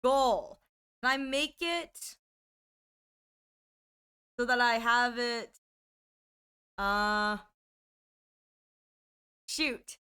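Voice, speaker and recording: A young adult woman streaming live, chatting casually with her chat and squealing in excitement when surprised. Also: on the high side, extremely slow, long pauses, clear, resonant tone.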